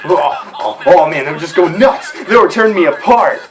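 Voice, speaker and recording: A man singing a fast, rambling comic story-song cover over a backing track, frantic, with sudden shouted bursts. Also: a little high, expressive. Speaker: amateur singer covering a comedy song. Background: faint backing music.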